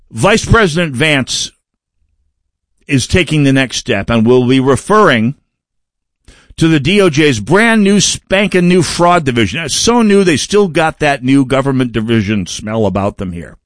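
A man's voice: medium pitch, no echo. A man hosting a political talk radio show, delivering a sardonic, digressive monologue into a close studio mic.

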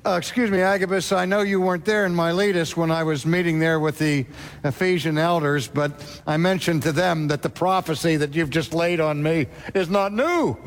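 A middle-aged man preaching a sermon, dramatic, acting out the voices he quotes. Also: a little hiss or hum. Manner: dramatic, acts out quoted voices with wide pitch swings.

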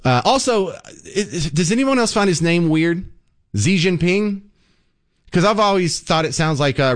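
A man hosting a talk radio show, speaking casually in a joking, animated way with frequent restarts, into a studio microphone. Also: fairly high pitch, normal speed. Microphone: studio broadcast mic.

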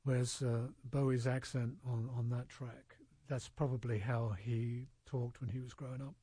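A man's voice: medium pitch, little pitch movement, moderate pace, mellow, slightly rough, no room sound. A man hosting a casual radio talk show with guests, speaking thoughtfully with many fillers and restarts. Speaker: radio host.

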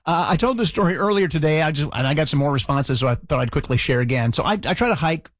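Middle-aged man, radio host, casual chat, somewhat high voice, dry close sound. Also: quick pace, no echo. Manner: relaxed and chatty, with frequent restarts and light self-mocking humor. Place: radio studio.

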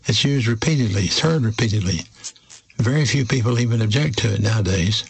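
Gravelly husky-voiced preacher man. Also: on the low side, animated, dry recording, low-quality recording. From United States. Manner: slow, emphatic preaching with measured pauses. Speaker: pastor. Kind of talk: sermon.

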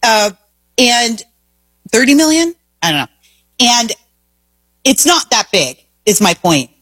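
A woman's voice: on the high side, very animated, slow pace, fairly bright tone, no echo. A woman hosting a talk show, delivering an emphatic, opinionated monologue full of rhetorical questions. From Indiana, US.

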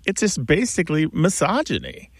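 A man's voice: on the high side, wildly swooping pitch, normal speed, no echo. A man co-hosting a call-in radio show about language, explaining at length to callers in a thoughtful way.

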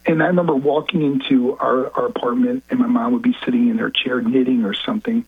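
A male guest speaking by phone on a talk show, telling an emotional personal story in halting bursts that repeat words. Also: mid-range voice, lively intonation, creaky, breathy edge. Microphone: phone call-in. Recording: tinny phone line.

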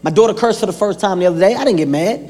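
A man telling stand-up stories on a comedy stage, animated, acting out voices and bursting into shouts. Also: sits high, rapid-fire. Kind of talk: stand-up storytelling. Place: comedy stage before a live audience. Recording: echoey hall with a live crowd and noise.

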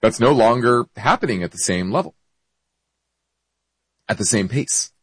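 Guy hosting a finance show, kinda husky voice with hiccups, lively ups and downs, dry close sound. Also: medium pitch, measured pace, no echo, low-quality recording. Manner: animated explainer with restarts and self-corrections. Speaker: investment show host. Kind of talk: explaining finance, answering listener questions.

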